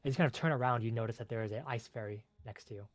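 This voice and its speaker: A man's voice: medium pitch, rapid-fire, dry recording, clean studio sound. Chatty man narrating as game master. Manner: loose and chatty, with fillers.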